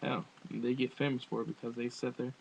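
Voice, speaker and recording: Through a webcam microphone's dull, faintly hissy audio, a man vlogging fires off a crude, rambling comedic rant, frequently laughing. He talks fairly quickly in a gravelly, mid-range voice with little pitch movement.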